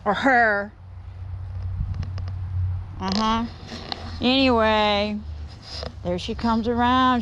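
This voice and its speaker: Rambly lady talking wood out in her workshop, kinda high voice, faint outdoor hum behind. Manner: chatty and rambling, talks to viewers and shoos a bee. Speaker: woodturning vlogger. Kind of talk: casual chat while working in a workshop.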